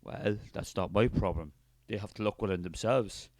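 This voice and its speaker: A man's voice: lowish voice, moderate pace, a little mellow, no room sound, lightly acted. An Irish man playing a preachy, fervent male spirit of artistic creativity who rambles grandly in a comic character sketch.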